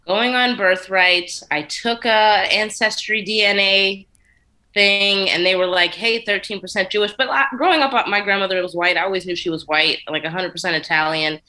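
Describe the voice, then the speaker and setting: A woman in her thirties, a stand-up comedian guesting on a podcast, telling lively stories and laughing often. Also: medium pitch, moderate pace. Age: 30s. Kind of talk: casual chat.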